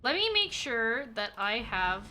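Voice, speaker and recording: A woman's voice: a little high, very animated, unhurried, pushed and bright, slight background noise. A young adult woman streaming a game live, chatting casually, swearing freely and yelping when startled. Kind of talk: casual chat while gaming live.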